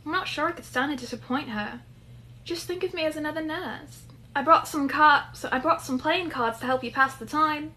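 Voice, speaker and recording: A woman's voice: high voice, moderate pace, sharp tone, voice pushed up. A woman reading as a blunt, sarcastic young woman. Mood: frank. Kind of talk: dramatic story reading.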